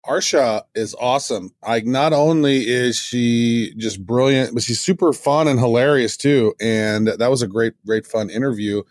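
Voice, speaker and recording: A man's voice: medium pitch, unhurried, few pauses, darkish tone, dry recording, studio quality. A man co-hosting a podcast in casual chat, talking with enthusiasm, rambling and restarting his sentences. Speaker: podcast co-host.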